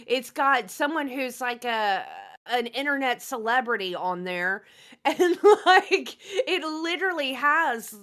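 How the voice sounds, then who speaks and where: A woman's voice: high voice, lively intonation, unhurried, bright, forceful tone. A woman in a casual livestream chat, hesitant and full of fillers.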